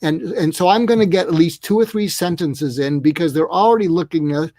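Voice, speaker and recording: A man's voice: on the high side, a little fast, dark tone, no echo. A man speaking as an interview guest who explains ideas step by step in an earnest way, often acting out little dialogues. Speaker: guest expert on listening. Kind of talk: interview conversation.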